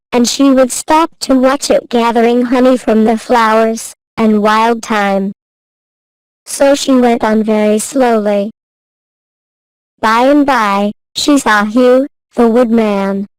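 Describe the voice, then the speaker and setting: A woman narrating a classic fairy tale in a slow, careful, even reading voice. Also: on the high side, smooth, no echo, low-quality recording. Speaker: storyteller.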